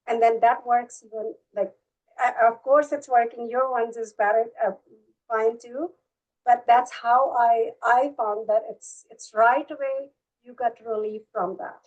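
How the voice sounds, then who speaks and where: A woman participant earnestly sharing a personal practice, speaking haltingly with repeats and restarts. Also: on the high side, fairly even intonation, a little mellow, dull audio. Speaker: workshop participant.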